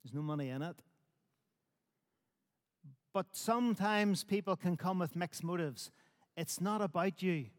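A man preaching a sermon in measured, emphatic phrases built on repetition. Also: a little high, in a large hall. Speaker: pastor.

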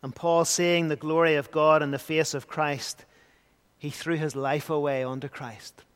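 A man preaches with a notably high voice, earnest and rising into emphatic bursts. His words ring out with a long church reverb trailing behind. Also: little pitch movement, measured pace, fairly bright tone, smooth. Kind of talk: sermon.

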